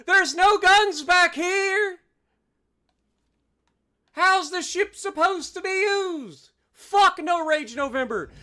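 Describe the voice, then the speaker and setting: A game livestreamer with a high, bright, cutting voice rants at teammates during live play. The talk is thick with swearing and biting sarcasm, and it keeps turning to address the chat directly. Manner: angry, profane ranting at teammates; heavy sarcasm. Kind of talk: live gameplay commentary.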